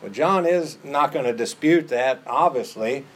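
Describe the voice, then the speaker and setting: A man's voice: mid-range voice, animated, measured pace, a bit bright, slight background noise. A man preaching a sermon in an earnest way, repeating phrases for emphasis.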